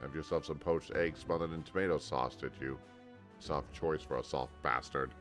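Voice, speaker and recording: A man voicing a gruff, hard-boiled older detective with tough, clipped talk. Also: rumbling low, steady tone, normal speed, fairly bright tone, soft background music. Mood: scornful.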